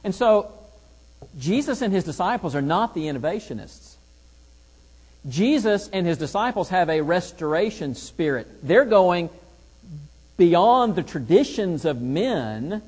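A man's voice: sits high, big pitch swings, unhurried, darkish tone, breathy edge, in a large hall. A man teaching a Bible lesson, reading scripture aloud and driving points home with rhetorical questions.

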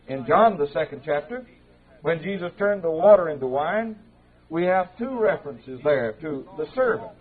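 A man's voice: on the high side, lively intonation, husky. Man preaching, on tinny old tape. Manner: measured, conversational, with small slips and restarts. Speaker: preacher teaching a Bible class. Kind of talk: evening Bible class lecture. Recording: tinny, narrow-band old tape recording.

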